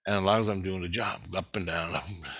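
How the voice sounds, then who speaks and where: Rambling man with a bright, forceful voice. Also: sits low, fast, no echo. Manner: rambling, repeats himself, swears freely. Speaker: video blogger. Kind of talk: casual dream retelling to camera.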